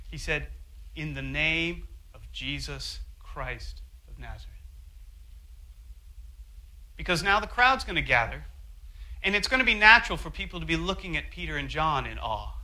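A man preaching a sermon, telling a story with animated asides and acting out quotes. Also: fairly high pitch, low-quality recording. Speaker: pastor.

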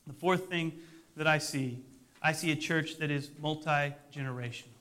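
Middle-aged male pastor, high bright voice, conversational sermon with light self-deprecating humor. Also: moderate pace, smooth.

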